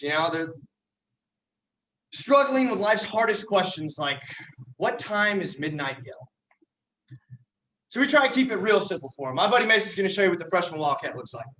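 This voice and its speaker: A young man, a yell leader, explaining chants with a folksy, teasing delivery. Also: sits high, a little hiss or hum. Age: young adult. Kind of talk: joking instructional talk. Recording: echoey room from far off.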